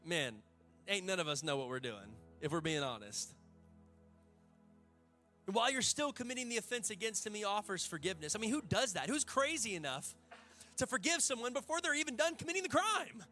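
A man's voice: high-pitched, very animated, brisk, bright, forceful tone, faint music behind. A male pastor, preaching a sermon to a church congregation in a fervent, conversational way with folksy asides.

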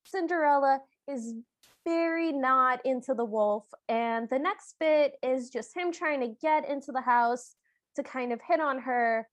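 Brief: playful woman podcast co-host, high voice, dry close sound. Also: dry recording. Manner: playful, laughs often, quick retelling. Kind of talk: casual chat.

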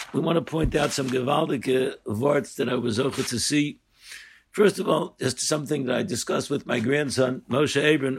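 An older man giving an earnest Torah lesson, rising sharply in pitch and volume when he stresses a point. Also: vocal fry, breathy edge. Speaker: rabbi teaching a Torah class.

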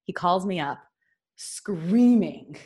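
A woman's voice: on the low side, slow pace, breathy edge. Chatty woman telling a story. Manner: animated, chatty, many fillers and restarts, laughs often. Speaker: podcast guest, business consultant. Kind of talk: casual storytelling.

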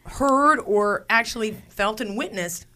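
A woman's voice: a little high, unhurried, pushed and bright. A woman hosting a casual podcast chat and telling stories in a chatty way, often laughing. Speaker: podcast host.

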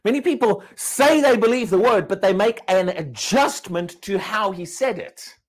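A man's voice: high-pitched, expressive, normal speed. Guy preaching a sermon, keeps asking the crowd questions, voice swoops up and down. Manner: emphatic, repeats and restarts words, asks the congregation questions.

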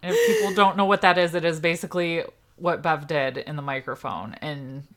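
Woman co-host, low-pitched, casual chatty podcast talk, laughs easily. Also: sing-song, fairly quick, a bit bright. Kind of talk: casual chat.

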